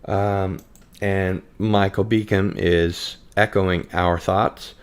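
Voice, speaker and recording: A relaxed man with a very low, deep voice hosts a laid-back live podcast. He chats easily and reads out viewer comments between topics. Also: takes it slowly, clear, resonant tone. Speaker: podcast host. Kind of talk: casual live-stream chat.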